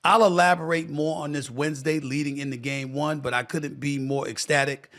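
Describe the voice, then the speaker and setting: A man's voice: fairly high pitch, fairly even intonation, fairly quick, a bit bright. A man hosting his own sports talk show, delivering an impassioned commentary monologue that repeats phrases for emphasis and addresses listeners as "y'all".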